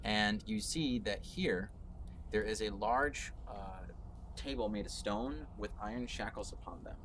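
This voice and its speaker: A man narrating a tabletop game as game master, slow and hesitant with fillers. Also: fairly low pitch, a bit bright. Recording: clear background noise.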